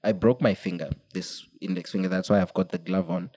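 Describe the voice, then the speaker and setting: A man's voice: low voice, fairly even intonation, a little fast, mellow, no room sound, rough recording. A young man, a podcast co-host, telling a long personal story in casual chat, laughing often and quoting people in put-on voices.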